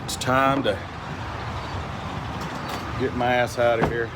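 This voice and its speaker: A man with a Texan drawl rambles bluntly through a casual travel vlog, cursing as easily as he breathes. His voice sits at an everyday middle pitch, with cars and outdoor traffic clearly audible behind him. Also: little pitch movement, takes it slowly. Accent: Texan Southern. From Texas. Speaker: vlogger.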